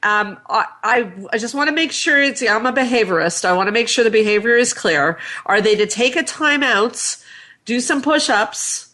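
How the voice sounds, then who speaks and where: A woman hosting a talk show, asking brisk, probing questions of her guest. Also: a little high, animated, pushed and bright. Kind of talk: radio talk-show interview.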